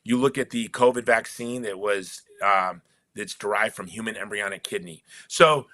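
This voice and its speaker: Emphatic male guest, very bright and tense tone, dry close sound, keeps restarting mid-thought. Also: lowish voice, normal speed, dry recording. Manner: animated and emphatic, with frequent restarts. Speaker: guest author. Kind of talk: casual conversational interview.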